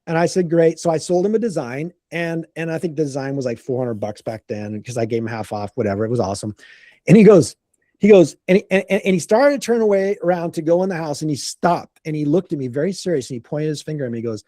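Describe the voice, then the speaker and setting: A man tells a casual work story with lots of energy, acting out each quote and tripping over his restarts. His voice sits a bit high but sounds mellow and relaxed. The recording is dry and close. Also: fast, dry recording. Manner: animated, acts out quotes, frequent restarts. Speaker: contractor telling a story.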